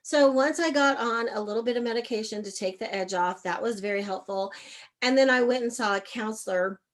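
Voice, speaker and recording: A middle-aged woman, a leadership coach, telling a candid personal story in an interview, acting out quoted exchanges. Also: fairly quick. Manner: animated, acts out quoted exchanges with shifts in pitch and loudness.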